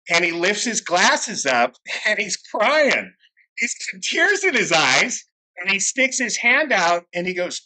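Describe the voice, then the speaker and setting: A man's voice: high-pitched, very animated, unhurried, pushed and bright, rough recording. A man sharing his recovery story at a meeting, candid, profane and self-mocking, in a room where a camera follows him. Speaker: alumni speaker at a recovery meeting. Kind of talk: personal recovery story share.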